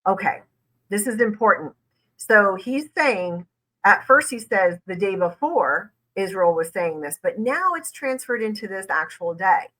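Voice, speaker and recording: A woman's voice: medium pitch, expressive, unhurried, pushed and bright, poor audio. A woman lawyer hosting a reaction video, breaking down an interview point by point. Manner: analytical, emphatic. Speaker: lawyer, host.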